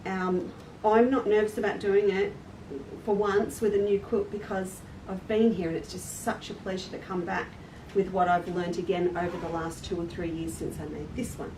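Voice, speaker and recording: A woman's voice: medium pitch, steady tone, normal speed, a little mellow. A woman hosting a live quilting stream, talking in a chatty, friendly way and laughing at herself. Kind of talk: casual live demonstration talk. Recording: roomy echo, distant mic, faint noise.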